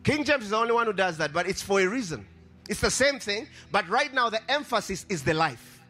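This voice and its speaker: Man preaching, high bright voice, sing-song cadence, faint music underneath. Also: expressive, brisk. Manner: impassioned, sing-song cadence, repeats phrases. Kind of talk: sermon.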